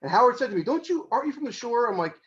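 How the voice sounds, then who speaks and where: A man hosting an interview, chatty and quick to jump in with his own stories. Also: very high-pitched, very animated. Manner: quick and chatty, eager storyteller. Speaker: interview host. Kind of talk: casual interview conversation. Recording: dull lo-fi sound.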